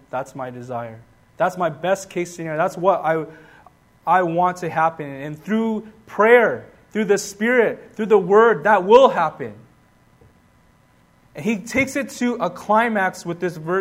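A man's voice: high voice, a little slow. A man preaching a sermon with passion, asking the congregation rhetorical questions. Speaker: pastor.

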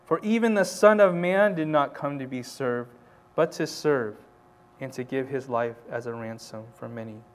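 A pastor preaching a sermon, reading scripture quietly and then building to loud, rising exhortation. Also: male voice, medium pitch, normal speed.

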